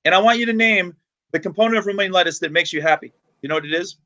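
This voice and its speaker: A man from the United States hosting a podcast, chatty and energetic, telling stories. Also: high-pitched, rapid-fire, lo-fi sound. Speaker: podcast host. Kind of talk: casual podcast chat.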